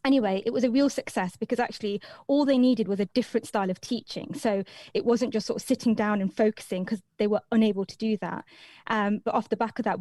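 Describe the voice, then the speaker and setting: A woman's voice: medium pitch, dark tone, no echo. A young woman from Leicester, a radio guest telling her story in a chatty way with many ums. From Leicester, England. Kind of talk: interview answers.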